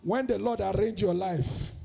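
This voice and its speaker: Sing-song Nigerian preacher in a hall. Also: male voice, high-pitched, unhurried, gravelly, dark tone, slightly rough. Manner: sing-song preaching with call-and-response questions. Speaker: pastor. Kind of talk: sermon. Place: church service.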